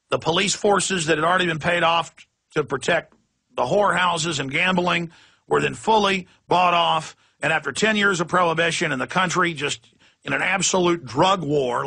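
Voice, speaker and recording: A man's voice: a little high, gravelly, pushed and bright, slightly rough. A man hosting a radio talk show, delivering an impassioned, ranting monologue and acting out quoted voices.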